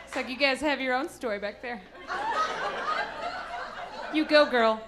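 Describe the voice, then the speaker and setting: A high-pitched American woman works a club stage with a stand-up set, storytelling and slipping into mocking voices. Her mic picks up a noisy room and a loud crowd laughing back. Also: a little slow. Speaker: stand-up comedian. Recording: live club recording, audience laughter.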